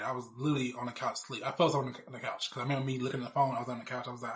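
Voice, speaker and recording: Fast-talking, blunt, profane man. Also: mid-range voice, little pitch movement. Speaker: show cast member. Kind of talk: casual personal storytelling.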